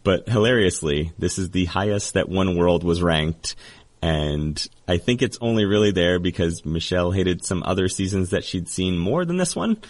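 A man hosting a podcast in a casual, chatty, joking way, full of quick asides. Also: low-pitched. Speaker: podcast host.

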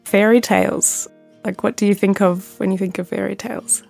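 A woman's voice: mid-range voice, fairly even intonation, normal speed, gravelly, a little mellow, soft background music. A woman interviewing in casual chat, encouraging and full of praise.

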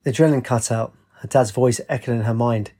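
A man narrates a story in a steady, dramatic reading. His voice is husky and sits at an ordinary male pitch. He reads at an even pace. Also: fast.

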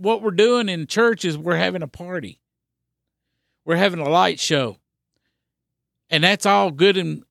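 A man's voice: sits high, creaky, fairly bright tone, no room sound, studio quality. A man preaching a podcast sermon in an earnest, repetitive exhorting manner with frequent restarts.

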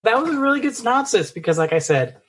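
A man's voice: very high voice, sing-song, quick pace, fairly bright tone, breathy edge. A man co-hosting a casual movie and TV podcast, chatty and upbeat. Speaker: podcast co-host. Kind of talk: casual chat.

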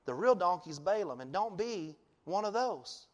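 High-voiced male pastor preaching. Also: moderate pace, big-room sound, lo-fi sound. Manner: storytelling, animated, laughs often. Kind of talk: sermon.

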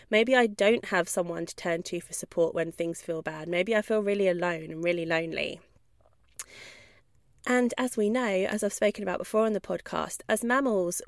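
Woman, podcast host, chatty and quick to laugh, dry close sound. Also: mid-range voice, dry recording. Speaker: podcast host, dog trainer. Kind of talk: podcast monologue.

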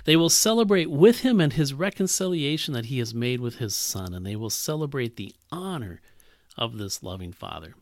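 A man preaching an expository sermon on a Bible passage, emphatic and animated, often trailing off softly at the ends of phrases. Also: fairly high pitch, dry recording, clean studio sound.

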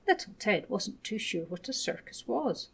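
A woman gently reading a children's bedtime story aloud as a storyteller. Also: mid-range voice, sing-song, moderate pace, vocal fry, husky.

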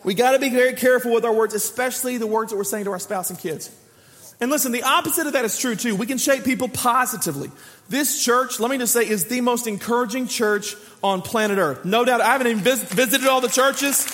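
A high-voiced man around forty preaches a sermon with lively storytelling, acting out the voices in his stories. His voice carries a long reverb, as if recorded in a large church hall. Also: fast talker. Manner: lively storytelling preacher who acts out quoted dialogue. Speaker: pastor.

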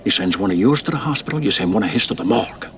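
Tough police veteran, Scottish accent, blunt, lower voice. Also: male voice, lively intonation, racing, fairly bright tone, slight background noise. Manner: blunt, instructive.

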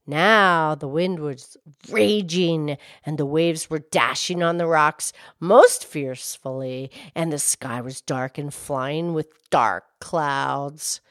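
Female storyteller, slow and expressive, animated pitch. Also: no room sound, studio quality. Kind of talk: reading a fairy tale aloud.

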